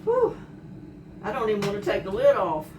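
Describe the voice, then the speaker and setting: Speaking at normal speed, a woman with a mid-range voice and wildly swooping pitch chats homily to viewers while cooking in her home kitchen. She's a home cook vlogger giving a casual cooking demonstration, chatty and homey, addressing viewers directly. A distant, noisy camera mic picks her up in the echoey kitchen.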